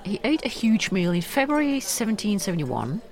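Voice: medium pitch, very animated, normal speed. A podcast co-host, chatting casually in a teasing manner. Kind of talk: casual chat.

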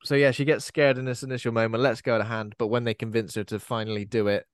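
A man's voice: mid-range voice, little pitch movement, quick pace, dry recording. Dry-sounding man hosting a film chat. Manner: conversational, often ends with tag questions. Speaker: podcast host. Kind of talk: casual film discussion.

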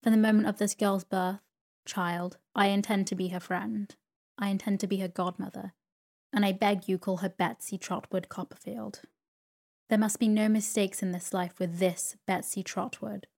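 A woman's voice: medium pitch, little pitch movement, normal speed, gravelly, darkish tone. A woman reading a storybook, voicing a stern, brusque elderly great-aunt who speaks in a commanding, indignant manner.

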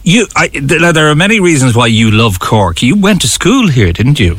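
A man's voice: mid-range voice, very animated, normal speed, a bit bright, no echo. A man hosting a radio interview, asking brief questions and prompting his guest. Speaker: radio host.

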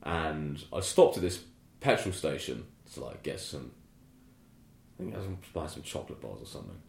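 A man tells a travel story in a loose, laid-back way, peppering it with "like" and swearing. His voice sits very low. The room around him is echoey. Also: expressive, normal speed, gravelly, a little mellow. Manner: laid-back, swears a lot, heavy use of "like". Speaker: podcast guest telling a travel story. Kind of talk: casual storytelling chat.

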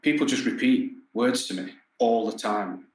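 A man's voice: medium pitch, moderate pace. A man in casual podcast talk, blunt and swearing freely. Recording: echoey room with faint background noise.

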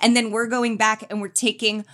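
A woman's voice: fairly high pitch, moderate pace. A woman co-hosting a comedy podcast, chatting playfully and acting out the people in her stories. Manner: animated, playful, acts out quotes. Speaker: podcast co-host. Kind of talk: casual comedic chat.

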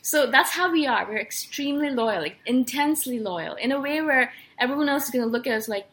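A young woman hosting a personality talk, telling a personal story in an earnest, animated way with lots of fillers. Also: sits high, brisk, few pauses. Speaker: personality podcast host. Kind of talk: casual personal monologue.

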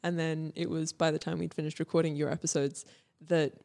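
Giggly rambling podcast host. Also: female voice, deep voice, level tone, a little fast, gravelly, warm tone. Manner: giggly, rambling, self-deprecating. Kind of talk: casual podcast chat.

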